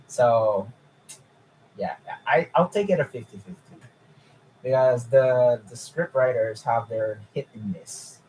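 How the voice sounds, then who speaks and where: A young man chatting casually on a live stream, excitable and incredulous, swearing freely. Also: medium pitch, slow pace, slight background noise, low-quality recording.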